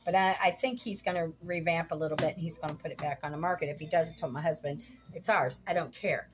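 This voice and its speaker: A woman's voice: deep voice, steady tone, fast, noisy background. A middle-aged woman vlogging casually at home while cooking, telling a story bluntly and indignantly, swearing freely.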